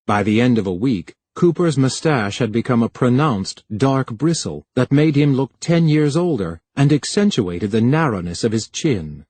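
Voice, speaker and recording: Brief: male audiobook reader, measured, husky timbre, dead-dry booth. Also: medium pitch, animated, a little mellow, no room sound. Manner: measured storytelling. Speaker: audiobook narrator. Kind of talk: scripted narration.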